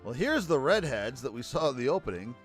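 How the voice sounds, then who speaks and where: A man's voice: mid-range voice, very animated, brisk, faint music behind. Wry man joking over a game. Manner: wry, joking, switching into character voices. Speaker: let's play streamer. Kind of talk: casual game commentary.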